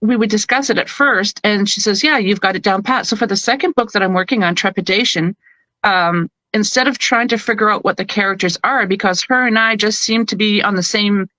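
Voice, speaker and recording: A Canadian woman, an audiobook narrator, chatting as an interview guest and telling stories in a lively, animated way. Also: medium pitch, a little fast, dry recording, low-quality recording. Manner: chatty, animated storyteller who acts out quotes. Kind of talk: casual interview chat.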